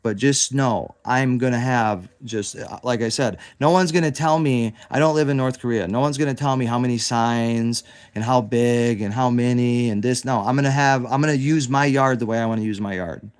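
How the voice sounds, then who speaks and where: A man's voice: mid-range voice, normal speed. A man in his thirties from the United States, ranting to camera, profane and sarcastic, often repeating himself and trailing off. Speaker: self-represented litigant. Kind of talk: angry direct-to-camera rant.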